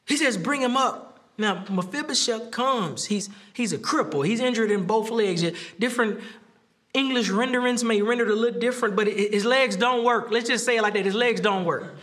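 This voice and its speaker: Male pastor, very high and bright voice, lively preaching style with frequent laughter. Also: moderate pace. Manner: animated preaching with laughs and repeated phrases; acts out quoted speech with rising pitch. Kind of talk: sermon.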